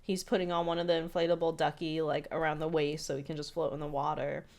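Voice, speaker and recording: A woman's voice: deep voice, flat delivery, fast, a little mellow. A woman co-hosting a podcast, chatting casually through an episode recap with lots of "like" fillers. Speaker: podcast co-host.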